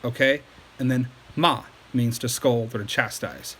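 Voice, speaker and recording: Bright-voiced man teaching a casual lesson. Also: mid-range voice, measured pace, a little hiss or hum, low-quality recording. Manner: patient, repeats okay after each point. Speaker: Chinese language teacher. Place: home at night.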